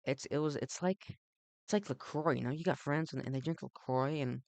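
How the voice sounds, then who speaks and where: A young man with a gravelly, fry-heavy voice rambles through an ironic, sweary comedic monologue over gameplay, piling up fillers and tangents. The recording is dry and close, with no room around it. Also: mid-range voice, a little fast, a little mellow, dry recording. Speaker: let's play host.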